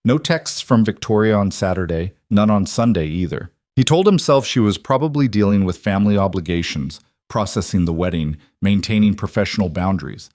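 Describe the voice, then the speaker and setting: A man reading a story aloud as narrator, in an even storytelling delivery. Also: fairly low pitch, a little fast, few pauses, no room sound, clean studio sound.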